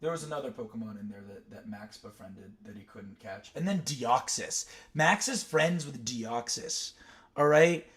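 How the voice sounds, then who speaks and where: Young man, casual stream chat, rambling, digressive, lots of fillers, mid-pitched voice. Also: animated, moderate pace, fairly bright tone. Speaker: streamer ranking cartoon characters.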